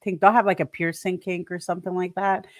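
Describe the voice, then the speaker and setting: Blunt woman with a low, dry voice. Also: level tone, a little fast, no room sound. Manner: blunt, frank and profane. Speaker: podcast co-host. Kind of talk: casual chat.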